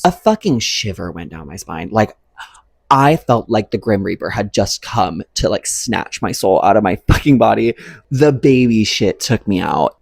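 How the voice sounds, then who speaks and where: A man's voice: lowish voice, gravelly, a little mellow, breathy edge, no room sound. A young adult man vlogging a casual storytime, rambling and profane, full of "like" and "um".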